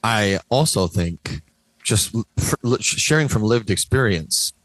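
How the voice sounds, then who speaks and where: Man, lowish voice, wry teasing podcast co-host, dry close mic. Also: animated, a little slow, a bit bright, dry recording, low-quality recording. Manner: teasing, wry, stumbles over words. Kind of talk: casual chat.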